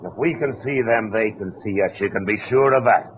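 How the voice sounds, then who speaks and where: A proud, defiant older merchant captain, played by an actor in a vintage radio drama. His voice sits low and curt. The broadcast sounds dull with a clear hiss behind it. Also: moderate pace, natural voice. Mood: tense. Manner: gruff, curt and scornful.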